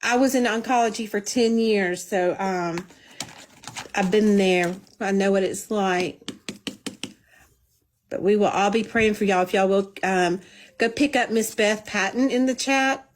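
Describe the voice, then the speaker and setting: A woman's voice: mid-range voice, unhurried, a little hiss or hum. A middle-aged woman chatting on a phone live stream, telling stories and talking to her viewers as y'all. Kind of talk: casual live-stream chat.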